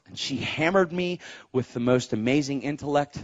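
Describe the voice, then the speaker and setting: A man's voice: mid-range voice, normal speed. A man preaching a testimony sermon, telling his story emphatically and punching it with sound effects. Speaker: evangelist. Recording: dull, muffled recording.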